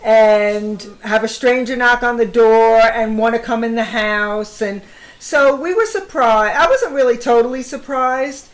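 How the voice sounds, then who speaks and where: A woman in her sixties, co-hosting a casual chat, talkative and quick to laugh. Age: 60s. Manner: chatty, laughs often, acts out parents' phrases in a high sing-song voice. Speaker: co-host.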